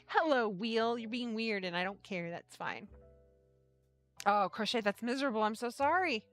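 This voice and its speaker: A woman's voice: on the high side, expressive, moderate pace, fairly bright tone, soft background music. A woman hosting a casual live stream, chatty, laughing often and swearing casually. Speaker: livestream host and yarn shop owner.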